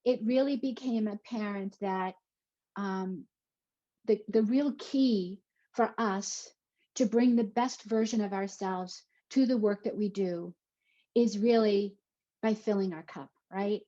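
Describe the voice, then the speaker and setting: A woman's voice: medium pitch, slow pace, mellow. A woman presenting a live webinar, chatty and effusive, full of fillers and exclamations. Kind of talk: casual live webinar talk. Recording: dull lo-fi webinar audio.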